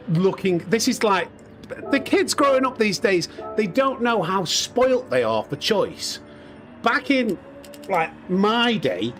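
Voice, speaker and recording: Cheeky and jokey, a thirty-something streamer laughs a lot and chats with his viewers while gaming live. He sounds high-pitched and a bit bright, with slight background noise.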